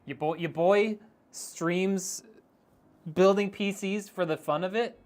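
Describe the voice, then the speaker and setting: A man's voice: high-pitched, takes it slowly, a little mellow. A man streaming a PC build, chatting casually and teasing viewers as he reads their messages, with frequent laughs. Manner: joking, teasing, laughs often.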